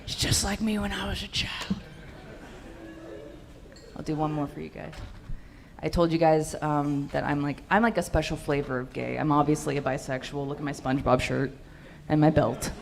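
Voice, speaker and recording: A woman's voice: deep voice, fairly even intonation, moderate pace, vocal fry. A young woman doing a stand-up set in a comedy club, brash and profane with punchy delivery into a handheld mic.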